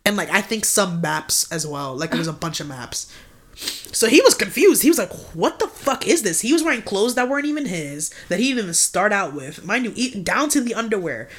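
A woman's voice: mid-range voice, animated, brisk. A woman co-hosting a podcast, telling a story in casual slang and swearing constantly. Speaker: podcast co-host.

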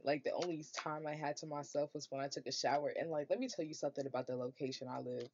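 A woman of twenty, hosting her own podcast, telling stories in a casual, animated way, swearing freely and saying "like" a lot. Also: sits low, fast talker, muffled recording. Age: 20s. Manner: animated, swearing, storytelling with filler "like". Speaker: podcast host. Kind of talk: casual solo podcast monologue.

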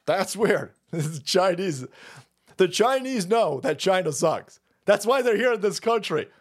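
A man ranting on his livestream, his pitch swinging widely as he rambles. He swears freely and breaks into laughter between jabs. The voice sits a touch high for a man. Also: expressive, measured pace. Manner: profane, rambling, laughs often. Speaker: livestream host. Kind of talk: political livestream rant.

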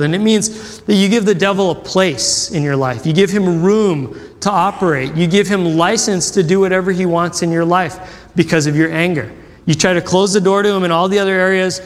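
A man's voice: a little high, a little fast. A man preaching a sermon as a pastor, telling a story with acted-out quotes and questions to the crowd. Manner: animated storytelling, acts out quotes, asks audience questions. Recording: long hall reverb.

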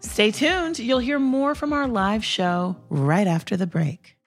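A woman's voice: mid-range voice, slow pace, faint music behind. A woman co-hosting a live podcast, playful and laughing often as she chats. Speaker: podcast co-host. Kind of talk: casual chat. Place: live show on stage.

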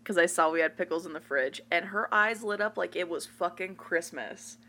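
A woman's voice: on the low side, moderate pace. A young woman co-hosting a podcast, swearing freely and laughing through casual stories. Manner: swears freely, lively anecdotes, laughs a lot. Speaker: podcast co-host. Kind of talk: casual chat.

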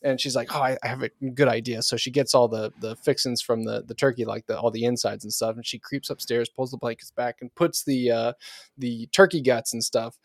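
Podcast co-host, male, mid pitch, dry close sound, rambling joke-teller who cracks himself up. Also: fairly even intonation, brisk, dry recording. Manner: rambling storyteller, laughs at own jokes. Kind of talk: casual joke-telling chat.

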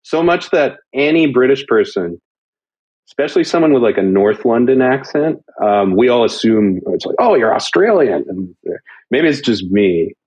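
Man from Canada, podcast host, casual chat, husky, very lively pitch. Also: normal speed, lo-fi sound. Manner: animated, laughing, slips into mock accents.

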